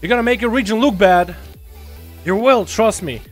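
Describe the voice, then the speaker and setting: A man's voice: high-pitched, normal speed, faint music behind. A man streaming a game, chatting casually with viewers, greeting them by name, teasing and swearing. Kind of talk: casual livestream chat.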